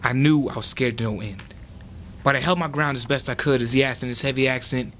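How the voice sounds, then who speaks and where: A man's voice: medium pitch, fairly quick, fairly bright tone, slight background noise. A young man reading his own dramatic story aloud at an open mic.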